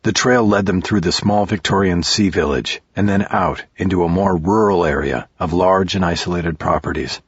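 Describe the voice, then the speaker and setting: A man narrating a thriller audiobook in a steady, measured way. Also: low-pitched, husky, no echo. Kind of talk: scripted narration. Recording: dry, slightly dull recording.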